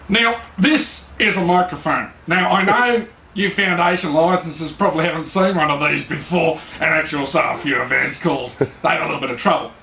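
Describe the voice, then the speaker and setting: A high-voiced Australian man lectures with dry, mocking sarcasm, talking down to his imagined students in a satirical comedy bit. The room is echoey, with a faint hiss underneath. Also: fairly bright tone. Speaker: mock instructor.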